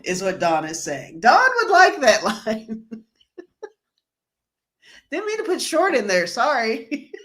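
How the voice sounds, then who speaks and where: A woman's voice: high-pitched, fairly bright tone. A woman hosting a casual livestream, reading viewer comments aloud and laughing along in a chatty way. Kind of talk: casual live-stream chat.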